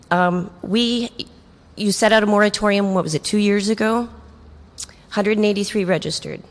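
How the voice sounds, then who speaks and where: A woman giving an earnest, firm public comment at a city meeting. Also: mid-range voice. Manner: earnest, firm, slightly halting. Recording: echoey council chamber.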